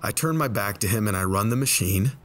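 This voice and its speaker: A man telling a personal story in a relaxed, conversational way over gameplay, slowing down for the tense moments. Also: fairly low pitch, faint music behind. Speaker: storyteller and game video creator. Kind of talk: casual spoken storytelling. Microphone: desk microphone.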